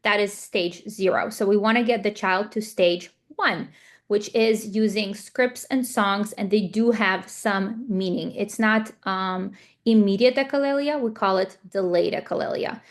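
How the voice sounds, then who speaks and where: Speech therapist, woman, mid pitch, patient explainer, filler-heavy, video-call lecture. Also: measured pace. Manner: explanatory, repeats points with example scenarios; frequent fillers like "um" and "like". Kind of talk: parent training lecture.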